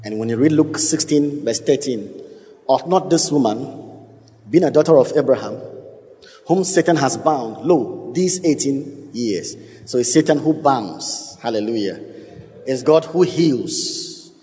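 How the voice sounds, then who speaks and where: A man preaching a sermon, emphatic and quizzing his congregation, with sudden leaps in pitch. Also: animated, a little slow, mellow. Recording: long hall reverb.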